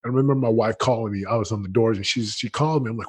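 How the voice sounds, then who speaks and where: Husky-voiced man telling a story. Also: medium pitch, quick pace. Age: late 30s. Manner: energetic, emphatic, full of slang and restarts. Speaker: guest. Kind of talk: casual storytelling in an interview.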